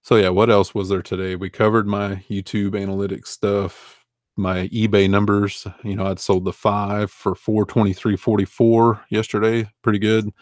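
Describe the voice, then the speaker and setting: Low, flat-voiced man in his forties. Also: moderate pace, no echo, clean studio sound. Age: 40s. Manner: easygoing and rambling, with fillers and chuckles. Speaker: online reseller answering viewer questions. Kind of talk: casual live Q&A chat.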